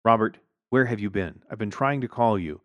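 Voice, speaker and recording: A man's voice: lowish voice, moderate pace, a bit bright, dry recording, muffled recording, lightly acted. A man reading a frazzled, scolding wife. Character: exasperated wife and mother.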